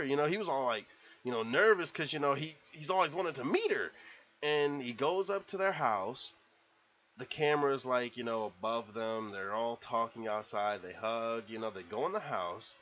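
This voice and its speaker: A man's voice: medium pitch, normal speed, fairly bright tone, a little hiss or hum. A man in a casual movie review vlog, retelling scenes in a rambling, profane, laughing way, on a slightly dull lo-fi recording.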